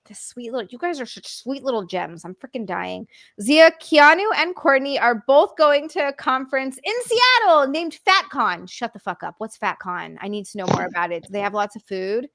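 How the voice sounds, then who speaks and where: Excitable live-stream host, woman, high-pitched, dry recording. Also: normal speed, hardly any pauses, dry recording. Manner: excitable, reads chat aloud, gushing thanks. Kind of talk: casual live-stream chat.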